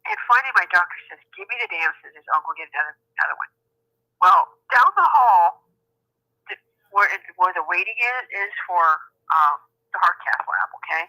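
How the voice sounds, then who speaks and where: A woman's voice: on the low side, a little fast, vocal fry, no echo. A woman caller telling a story in casual chat, acting out the people she quotes, heard over a phone line. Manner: animated, laughing, acts out quotes in many voices. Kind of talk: casual storytelling on a call-in show.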